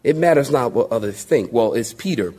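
A man preaching a sermon as pastor, speaking, joking with the congregation and calling for amens, then dropping to a slow, hushed voice to make a point. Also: mid-range voice, husky. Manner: animated preaching with a call-and-response to the congregation; folksy humor and sudden drops to a hushed, slow voice.

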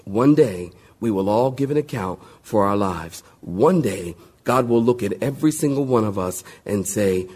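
A man preaching a sermon as pastor, speaking, joking with the congregation and calling for amens, then dropping to a slow, hushed voice to make a point. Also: on the low side, husky. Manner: animated preaching with a call-and-response to the congregation; folksy humor and sudden drops to a hushed, slow voice.

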